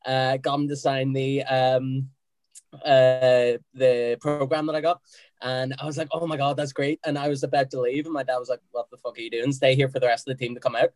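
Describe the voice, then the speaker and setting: A young man telling a story in casual chat, relaxed and hesitant with many fillers. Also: mid-range voice, moderate pace.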